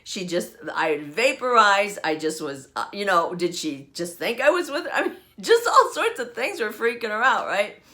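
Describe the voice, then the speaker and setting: Older woman host, animated storyteller, very lively pitch, laughs a lot. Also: moderate pace, hardly any pauses. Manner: animated, laughs often while telling. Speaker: podcast host. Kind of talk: casual storytelling. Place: at home.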